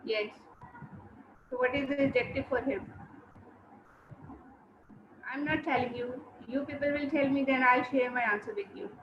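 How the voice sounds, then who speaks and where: A woman teacher, giving an online class, repeating words and syllables slowly and giving brisk commands to students. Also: high-pitched, sharp tone, a little hiss or hum. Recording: roomy, slightly dull sound.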